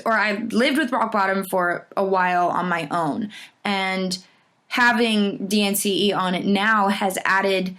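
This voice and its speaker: A woman's voice: medium pitch, a bit bright. A woman who is a singer and actress, answering fan questions in a casual, bubbly way that rambles, with many restarts.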